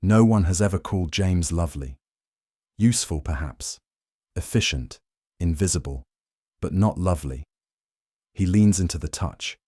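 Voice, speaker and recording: A man narrating a history story for sleep in a calm, slow, soothing scripted style. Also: low-pitched, husky, no room sound, studio quality.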